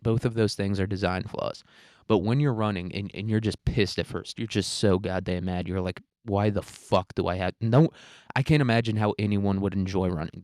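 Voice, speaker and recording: A man's voice: lowish voice, a little mellow, no room sound, studio quality. A young man ranting in a casual, profane, rambling monologue, full of restarts and blunt opinions. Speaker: podcast host.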